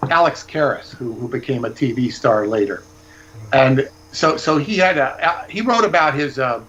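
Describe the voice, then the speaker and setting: A man's voice: mid-range voice, a bit bright, slight background noise. Rambling man on a dull lo-fi line. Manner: rambling, digressive anecdotes. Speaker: guest author. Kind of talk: casual storytelling chat.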